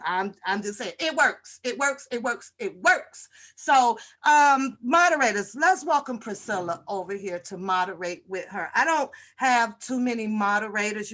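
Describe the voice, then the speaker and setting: A woman's voice: a little high, fairly bright tone. A woman hosting a casual livestream, greeting viewers one by one and joking in a brash, profane way. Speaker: livestream host.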